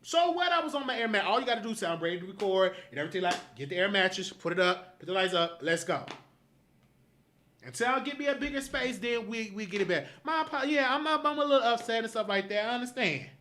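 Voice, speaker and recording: A man's voice: high-pitched, lively intonation, fast talker, bright, forceful tone, a little hiss or hum. A man hosting a live show, angrily scolding his producer in a profane, repetitive rant. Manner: repetitive, emphatic commands. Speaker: show host.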